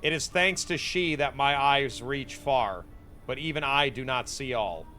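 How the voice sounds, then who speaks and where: A man voicing a cryptic, foreboding male seer who speaks in slow, archaic, portentous phrases. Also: mid-range voice, pushed and bright, faint music behind. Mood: ominous.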